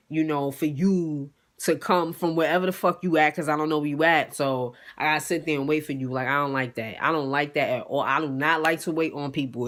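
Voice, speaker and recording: A young woman tells a story to her viewers, animated and salty with her language. Her voice sits fairly low but has a bright, forceful edge. She keeps talking straight to the audience. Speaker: vlogger. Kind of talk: casual storytime.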